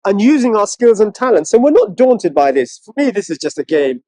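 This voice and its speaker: Animated high-voiced man. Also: fairly quick, no room sound, rough recording. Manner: animated storyteller who mimics other people in high mocking voices. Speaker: co-host, one of twin brothers. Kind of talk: casual conversational interview.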